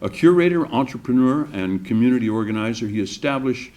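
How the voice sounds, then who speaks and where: A man's voice: mid-range voice, expressive, brisk, darkish tone. An older man hosting an awards breakfast, telling a jovial anecdote and acting out the voices in it. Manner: jovial anecdotal storyteller, acts out quotes. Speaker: awards emcee. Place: banquet room.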